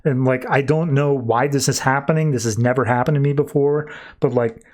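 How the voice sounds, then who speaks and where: A man's voice: mid-range voice, fairly even intonation, brisk, a little mellow, lightly acted. A cocky comic-book vigilante brawler who tosses off offhand one-liners, voiced by a man. A man reads him in a barely changed, everyday voice. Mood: earnest.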